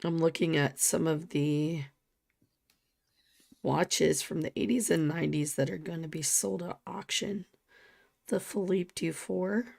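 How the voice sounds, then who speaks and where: A woman co-hosting a casual livestream, talking slowly and often dropping into a soft near-whisper. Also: sits low, fairly even intonation, creaky, no room sound, studio quality. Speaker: livestream co-host.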